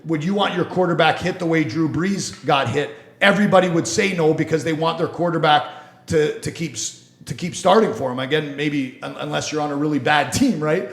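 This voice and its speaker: A man's voice: fairly high pitch, vocal fry, reverberant. A man who is a lawyer, hosting a casual sports and law talk show, blunt, swearing freely and mocking people in put-on voices. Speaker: podcast host, lawyer.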